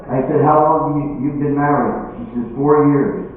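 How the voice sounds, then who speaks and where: A man's voice: fairly high pitch, fairly even intonation. A man performing stand-up comedy for seniors, delivering punchy jokes and briefly voicing the characters in them. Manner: punchy joke delivery with quick voiced characters. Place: room at a senior living community. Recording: echoey hall, distant mic, phone-like sound.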